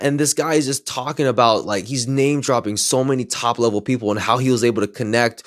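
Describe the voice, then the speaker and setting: A man casually telling a story as a podcaster, excited and animated, acting out what people said. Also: mid-range voice, no room sound, clean studio sound. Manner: excited, animated retelling with quoted voices.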